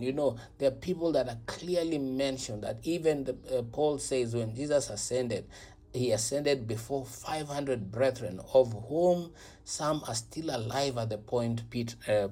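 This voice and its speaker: A man's voice: medium pitch, mellow, slightly rough. A man giving an earnest devotional reflection and then leading a repetitive prayer, sometimes dropping to a whisper. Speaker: prayer leader.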